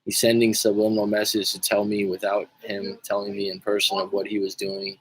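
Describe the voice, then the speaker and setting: A man's voice: fairly low pitch, completely flat delivery, a little fast, a little hiss or hum, poor audio. A man coaching on a livestream in a casual, joking and profane way, rambling with frequent restarts while reading viewer comments. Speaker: life coach.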